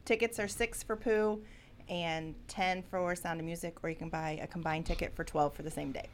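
A woman's voice: on the low side, steady tone, moderate pace, a little hiss or hum. A woman giving ticket prices and showtimes in a plain, matter-of-fact way. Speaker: theater volunteer giving show info.

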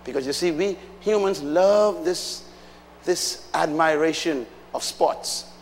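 A man's voice: fairly high pitch, takes it slowly, a little hiss or hum. A man preaching a sermon, emphatic, putting questions to the congregation. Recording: long hall reverb.

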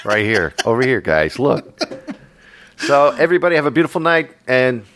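A man's voice: mid-range voice, very animated, moderate pace, a bit bright. A man hosting a casual radio show, playful and teasing with his guest. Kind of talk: casual chat.

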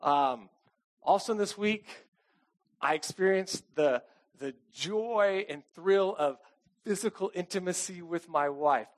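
A middle-aged pastor with a high voice preaches slowly in a casual, conversational sermon. He's chatty and self-deprecating, often asking the congregation "okay?".

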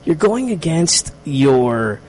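A man with a Filipino accent hosting a radio show, teasing and excitable, mixing English with Tagalog. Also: on the high side, slow, rough recording. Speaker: radio host. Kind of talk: playful radio banter.

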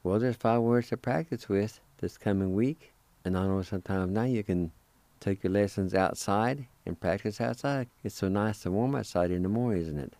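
A man hosting a radio language lesson, spelling words letter by letter and repeating each pronunciation slowly. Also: fairly low pitch, dark tone, dry recording. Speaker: radio host teaching Cherokee words.

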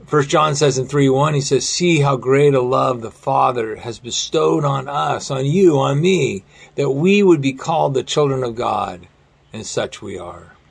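A man preaching a sermon in an earnest way, slowing down and dropping his voice very low on quoted lines. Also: vocal fry, breathy edge. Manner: earnest, slows and drops to near-whisper on quotes. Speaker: pastor.

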